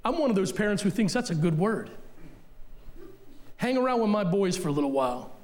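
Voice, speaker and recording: A middle-aged pastor delivers a sermon in a church, blunt and forceful. His voice sits high for a man, and he hammers his points home by repeating them. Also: very animated, brisk. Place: church sanctuary.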